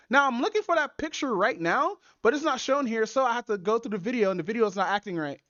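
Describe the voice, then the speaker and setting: High-pitched woman host, loose profane storyteller, recorded dry and dull. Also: lively intonation, fast talker, few pauses, a bit bright, dry recording. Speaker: podcast host. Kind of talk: casual chat.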